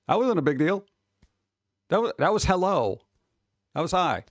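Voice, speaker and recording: A man ranting on a casual livestream about advice posts, swearing freely and mocking people in quick put-on voices, his tone exasperated and sarcastic. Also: fairly high pitch, animated, vocal fry, no echo, muffled recording. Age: adult who worked at a record store. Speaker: streamer reacting to advice posts.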